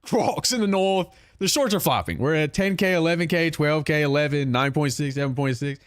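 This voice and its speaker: A man streaming, reacting to his own clips in casual chat, animated and swearing, saying bro a lot. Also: fairly high pitch, brisk, dry recording, studio quality.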